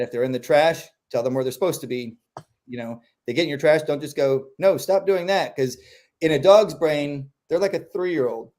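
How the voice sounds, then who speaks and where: Man, dog trainer, casual explainer, slightly high voice, animated. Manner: animated, acts out quotes in voices.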